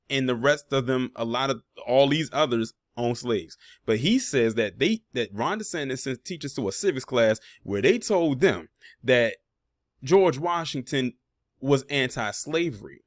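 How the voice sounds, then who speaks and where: A man's voice: mid-range voice, animated, a little slow, dry recording, studio quality. A man hosting a reaction commentary video, talking casually and pointedly, with sarcastic asides and frequent fillers.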